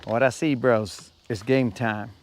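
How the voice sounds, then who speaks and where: Out on a lake in a boat, a man streams live to his viewers, fishing and talking in a relaxed, chatty way, with plenty of "bro" along the way. His mid-range voice holds a steady tone and never hurries.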